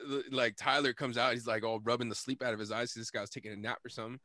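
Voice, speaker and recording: A man's voice: medium pitch, fairly even intonation, quick pace, few pauses, bright, forceful tone, no room sound, clean studio sound. A young man hosting a podcast, telling a story in a casual, rambling, profane way and laughing often. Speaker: podcast host.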